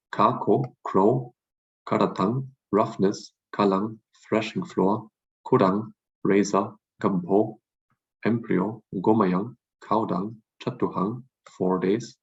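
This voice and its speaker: A man's voice: lowish voice, breathy edge, muffled recording. A man teaching a language class, reading out words one by one, repeating each and giving its meaning. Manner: repeats each word slowly, then glosses it. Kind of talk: lecture reading vocabulary aloud.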